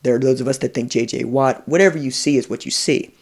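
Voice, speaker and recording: A man in a casual sports podcast chat, telling recruiting stories with animated energy and slipping into quoted voices. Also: medium pitch, fast talker, creaky. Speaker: college football recruiting analyst.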